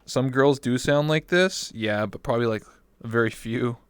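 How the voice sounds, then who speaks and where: A man in his twenties chatting casually on a livestream, excitable and swearing freely. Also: medium pitch, normal speed, clean tone, dry recording. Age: 20s. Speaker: VR chat streamer.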